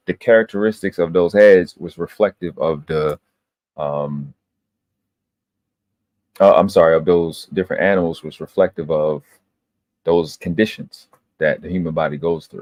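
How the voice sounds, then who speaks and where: A man's voice: low voice, fairly even intonation, moderate pace, darkish tone, no room sound. A man hosting a live stream, holding forth in an emphatic, lecturing way with plenty of swearing. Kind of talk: casual profane monologue.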